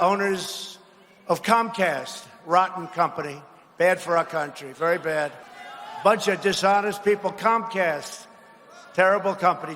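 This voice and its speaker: A man giving a rally speech in a large arena, mocking and repeating himself and shouting lines to the crowd. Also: high voice. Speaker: political speaker at a rally. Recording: long arena reverb, faint noise.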